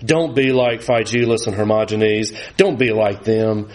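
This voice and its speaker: A man, preaching a sermon with animated, rising emphasis that drops low and quiet for scripture. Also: unhurried. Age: 40s.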